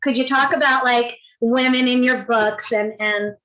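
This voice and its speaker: Woman, slightly high voice. Chatty panel moderator on a video call. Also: fairly even intonation, unhurried, a bit bright, rough recording. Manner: chatty, rambling questions. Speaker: panel host.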